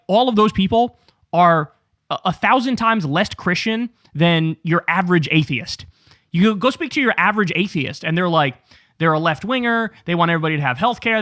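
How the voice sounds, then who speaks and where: A man's voice: high voice, a bit bright, no room sound, clean studio sound. A man hosting a political commentary show, ranting with sarcastic, profane disbelief.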